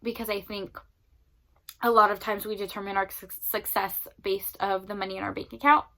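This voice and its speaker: A woman's voice: mid-range voice, flat delivery, a little fast, sharp tone. A young woman book vlogger talking in a rambling, casual way, with lots of fillers, emotional and close to tears at times. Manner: rambling, filler-heavy, 'like' often. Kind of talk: casual vlog chat.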